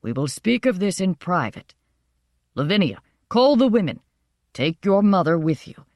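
A woman voicing an aging, weary king and father who speaks slowly and heavily. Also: lowish voice, big pitch swings, darkish tone, no room sound, studio quality. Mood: stern. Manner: slow, heavy, deliberate. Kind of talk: audiobook character voice.

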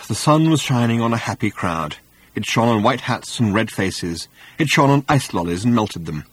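A man narrating an audiobook with wry, animated storytelling, recorded on a close studio mic. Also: fairly low pitch, breathy edge.

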